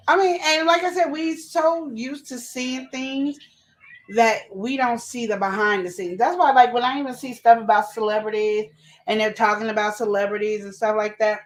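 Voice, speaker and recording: Chatty woman giving relationship advice. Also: on the high side. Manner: chatty, animated, talks fast and laughs. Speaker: co-host of a relationship advice show. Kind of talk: casual live chat.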